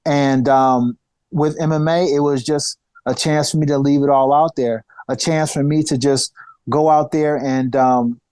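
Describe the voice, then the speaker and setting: A man in his forties, a guest on a podcast, telling stories in a lively, animated way and often restarting his phrases. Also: fairly high pitch, measured pace, clear, resonant tone, no room sound. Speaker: podcast guest, former fighter. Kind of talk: casual interview storytelling.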